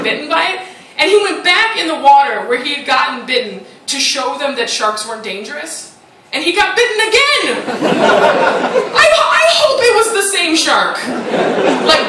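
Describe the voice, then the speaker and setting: A high-voiced woman doing stand-up comedy, her pitch swooping up and down as she teases the room. She is recorded from a distance in a roomy, echoey club, with loud noise underneath. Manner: animated, teasing, playful put-on voices.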